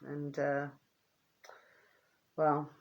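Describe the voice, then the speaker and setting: A woman, chatting casually to her viewers in a rambling, affectionate way, her voice getting hoarse. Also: sits low, monotone, extremely slow, lo-fi sound. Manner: affectionate, rambling, keeps asking "do you see what I mean". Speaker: vlogger.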